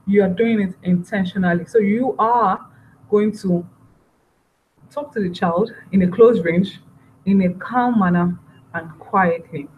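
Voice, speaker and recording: A woman giving a parenting training talk, lively and acting out parent and child voices as she explains. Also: mid-range voice, a little slow, narrow, tinny audio, a little hiss or hum.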